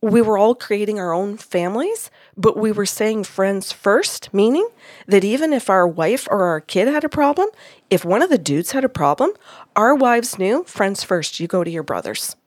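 A woman hosting a podcast tells a story in a relaxed, lively way and voices what others said without changing her own sound. The recording is dry and close, with no room echo. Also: medium pitch, moderate pace. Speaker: podcast host and medium. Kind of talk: casual storytelling.

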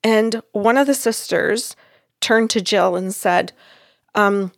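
A woman's voice: medium pitch, slow pace, no room sound. Woman telling a story, very dry sound. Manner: animated, acts out quotes of others. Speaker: psychic medium. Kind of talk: casual storytelling chat.

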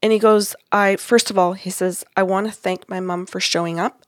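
Woman retelling a reading, animated and dry. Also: mid-range voice, normal speed, no room sound. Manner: animated retelling, acting out quoted lines with laughs. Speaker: psychic medium recounting a reading. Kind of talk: storytelling in casual chat.

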